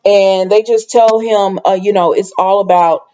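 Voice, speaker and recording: A woman's voice: mid-range voice, fairly even intonation, normal speed, dark tone, smooth, lo-fi sound. A woman casually recapping a soap opera episode in a chatty, loose way, full of fillers and asides.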